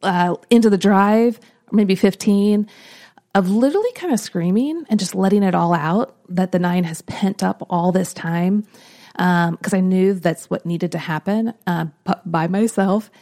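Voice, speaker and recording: A woman hosting a podcast, telling a personal story in an earnest, reflective way, often trailing off softly. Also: medium pitch, measured pace. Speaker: podcast host.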